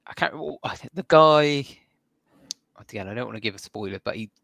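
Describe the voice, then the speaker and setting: A man's voice: medium pitch, lively intonation, brisk, vocal fry, a bit bright, no room sound. A man co-hosting a gaming podcast, rambling through stories in casual chat and laughing often. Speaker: podcast co-host.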